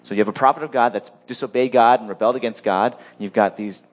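A man preaching a sermon, animated, acting out the story's characters with sudden rises in pitch. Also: fast talker. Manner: animated, acts out quoted voices with rising pitch. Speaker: pastor.

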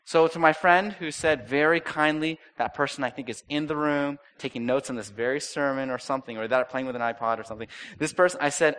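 A middle-aged man preaching a sermon as pastor, telling lively stories and acting out quotes. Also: mid-range voice, brisk, clean tone. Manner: animated storytelling with acted-out quotes.

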